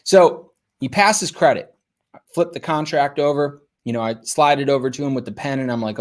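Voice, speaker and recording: Young male podcast host; casual, animated storyteller. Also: mid-range voice, normal speed. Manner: casual, animated, lots of fillers.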